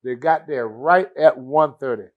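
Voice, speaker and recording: A man who is a guest on a show, telling stories in a casual, animated way. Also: medium pitch, measured pace, narrow, tinny audio. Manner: animated, acts out the people in his stories. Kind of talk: casual storytelling.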